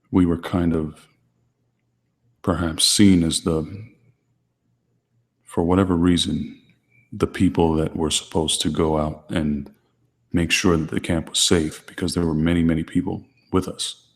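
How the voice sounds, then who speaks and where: A man hosting his channel, answering viewer questions in a calm, deliberately quiet, restrained way. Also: low voice, in a large hall. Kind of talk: low-key livestream chat.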